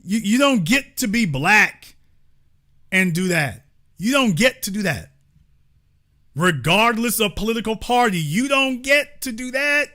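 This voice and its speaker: Animated, sharp-toned male talk host. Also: sits high, a little slow. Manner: emphatic, mocking, preacher-like repetition. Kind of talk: live call-in show commentary.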